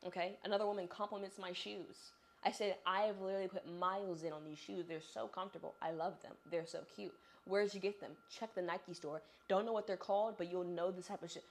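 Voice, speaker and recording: A young woman in her twenties, a vlogger telling a chatty, animated story about her travel day straight to the viewer while on the move. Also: medium pitch, a little fast, few pauses. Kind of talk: casual storytelling vlog. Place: on the move, traveling through an airport.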